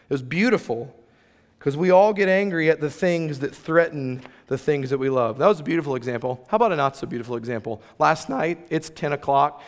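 A man preaching a sermon as pastor, conversational and emphatic, with playful asides to the room. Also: fairly high pitch. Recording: long reverb of a large hall.

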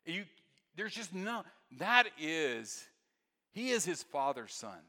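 A man preaching a sermon, telling stories with excitement and then dropping to hushed, tender moments. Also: fairly high pitch, slow pace. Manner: storytelling, swings from excited to very soft and hushed. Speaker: pastor. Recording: long hall reverb.

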